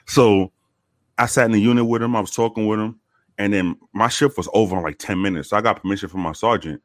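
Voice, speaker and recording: Fairly low-pitched and quick, this ex-cop relaxes into his story, cursing plenty and performing other people's lines with animation. It's a casual, profane telling. Clean studio sound, no room noise.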